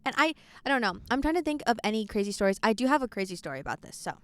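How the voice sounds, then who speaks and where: A teenage girl hosting a casual podcast, talking fast and lively, her voice jumping up and down as she tells a story. Her voice is higher than most and sounds close and dry. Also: no echo. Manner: animated storytelling, quick and laughing. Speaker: podcast host. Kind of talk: casual chat.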